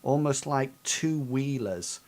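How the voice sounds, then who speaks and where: A man's voice: mid-range voice, slow pace, darkish tone. A man narrating as game master of a tabletop game over voice chat, hesitant and full of ums. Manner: hesitant, filled with ums and likes.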